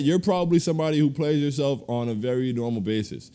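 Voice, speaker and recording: A man co-hosting a casual podcast, ranting in animated, slangy bursts and laughing through his complaints. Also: fairly high pitch, fast, hardly any pauses, clear, resonant tone. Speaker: podcast co-host.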